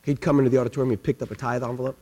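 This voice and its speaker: A man's voice: mid-range voice, racing. Man preaching in a reverberant hall. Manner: animated, swings from quiet asides to loud emphatic questions. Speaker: pastor. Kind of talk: sermon with storytelling. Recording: long hall reverb with mains hum.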